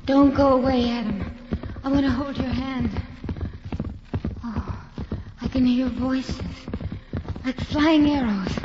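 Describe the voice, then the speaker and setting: A woman's voice: high-pitched, fairly even intonation, takes it slowly, pauses often, lo-fi sound, noisy background. A woman playing a feverish, frightened young woman. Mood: delirious. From American South. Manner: feverish, breathless and pleading.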